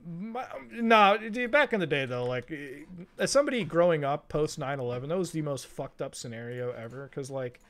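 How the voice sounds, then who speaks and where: A man from Canada streaming a game, chatting casually in a rambling, profane way and laughing often. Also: fairly high pitch. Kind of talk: casual chat while gaming.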